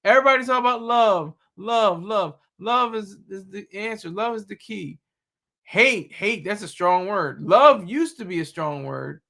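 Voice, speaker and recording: A man's voice: high voice, lively intonation, unhurried, vocal fry, sharp tone. A man streaming live, talking back to chat and news clips in a mocking, combative way. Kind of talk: casual live-stream commentary.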